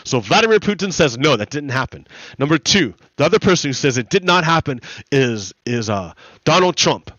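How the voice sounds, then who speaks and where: Man streamer, casual rambling talk with laughs, fairly high voice, close dry mic. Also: sing-song, brisk, a bit bright, dry recording, highs cut off. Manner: rambling, laughing, repeating himself. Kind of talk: casual livestream commentary.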